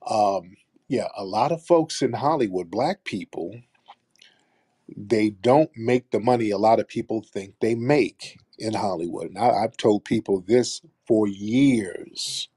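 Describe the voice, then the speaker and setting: A man's voice: fairly low pitch, mellow, breathy edge, no room sound, studio quality. A man hosting a live talk show, speaking bluntly and sarcastically in a streetwise manner. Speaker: host.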